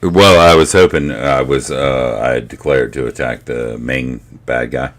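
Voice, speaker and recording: A man's voice: rumbling low, fairly even intonation, unhurried. A man playing a tabletop game, laughing easily and joking with the game master. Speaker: player.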